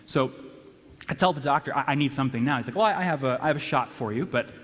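A young man telling a funny personal story to an audience at a church event, animated and self-deprecating, with lots of restarts and "right?". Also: medium pitch, fast. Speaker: church speaker. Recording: long hall reverb.

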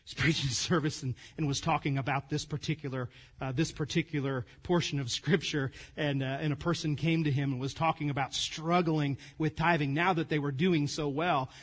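A man preaching a casual, conversational sermon, calling the congregation "gang" and swinging between loud emphasis and quiet asides. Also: a little high, steady tone, brisk, breathy edge. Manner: folksy, calls the congregation "gang", asides to the room. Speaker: pastor.

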